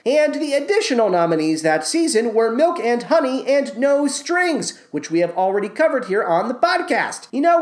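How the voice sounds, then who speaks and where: A woman hosting a podcast in a wry, irreverent tone, tossing in casual swearing. Her pitch is lively and animated, and her voice rings in a noticeably echoey room. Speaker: podcast host. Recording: roomy echo.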